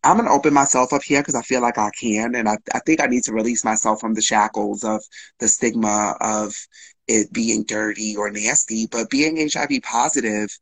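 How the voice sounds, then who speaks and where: A man's voice: lowish voice, steady tone, moderate pace, husky, low-quality recording. A man guest telling an open, emotional personal story on a live stream, frank and casual with swearing.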